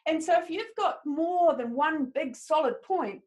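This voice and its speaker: A woman's voice: high voice, lively intonation, a little slow, darkish tone. A woman teaching a live webinar on presentation skills, upbeat and encouraging as she talks straight to her audience.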